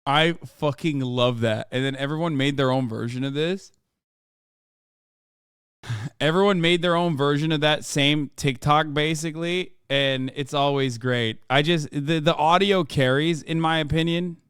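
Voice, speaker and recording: A male streamer talks loosely and jokes his way through reacting to clips, swearing freely. His voice is smooth and clear, slightly higher than average, and it sits close and dry on the mic with no room sound. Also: measured pace, a bit bright, dry recording. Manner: profane, laid-back, joking. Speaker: streamer host. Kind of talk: casual reaction stream chat.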